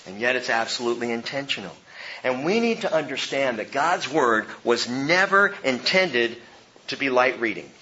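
A male pastor preaching a verse-by-verse sermon with emphasis, his voice rising and falling between soft and loud. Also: mid-range voice, highs cut off, slight background noise.

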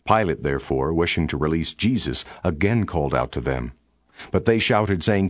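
A man narrating a Bible passage in a steady, formal storytelling cadence. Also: sits low, moderate pace, dry recording, clean studio sound. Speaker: scripture narrator. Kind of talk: scripted Bible reading.

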